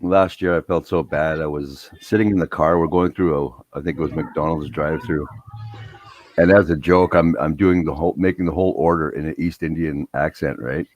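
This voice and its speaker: A man's voice: very deep voice, fairly even intonation, a little fast, darkish tone, dry recording, highs cut off. A man chatting on a live stream, laid-back with a dry, teasing wit. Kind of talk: casual live-stream chat.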